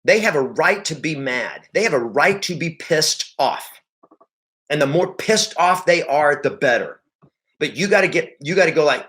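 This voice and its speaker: A man's voice: on the high side, animated, normal speed, a bit bright. Emphatic sales coach, man. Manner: emphatic, repeats points, acts out client talk. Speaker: real estate coach. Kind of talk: motivational sales training talk.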